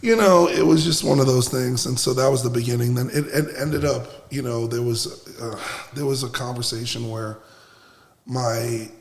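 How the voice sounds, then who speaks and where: A man's voice: medium pitch, steady tone, moderate pace, gravelly. A man from Brooklyn, a podcast guest telling stories emphatically, with frequent restarts and profanity. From Brooklyn, USA. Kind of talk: casual podcast conversation. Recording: roomy with long reverb.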